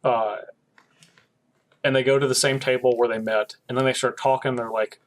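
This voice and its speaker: This co-host speaks at normal speed in a medium pitch while retelling an episode in relaxed podcast chat. His storytelling is lively, and he acts out the characters' words.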